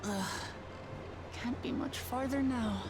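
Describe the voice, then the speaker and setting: An eager, bold young adventurer. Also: female voice, fairly high pitch, takes it slowly, background noise. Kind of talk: video game voice acting.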